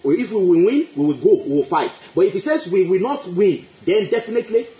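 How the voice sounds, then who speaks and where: A man's voice: high voice, lively intonation, brisk. A male preacher delivering an emphatic sermon, repeating his phrases and breaking into exclamations of praise. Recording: echoey, dull lo-fi.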